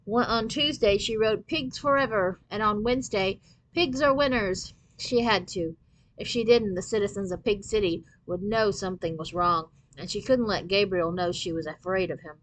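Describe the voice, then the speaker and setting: A woman's voice: medium pitch, normal speed, low-quality recording. A woman storyteller reading a children's novel aloud expressively.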